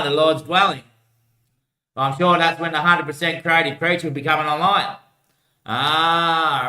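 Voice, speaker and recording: A man's voice: on the high side, bright, forceful tone. A man rambling in casual livestream chat, slangy and swearing often, calling everyone mate, recorded on a laptop mic at home. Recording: echoey room.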